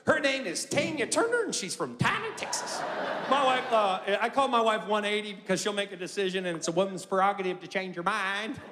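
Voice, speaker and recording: A man performing an animated stand-up routine on a theater stage, shouting some punchlines over audience laughter. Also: high voice, fairly quick, noisy background. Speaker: stand-up comedian. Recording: echoey hall, loud crowd laughter.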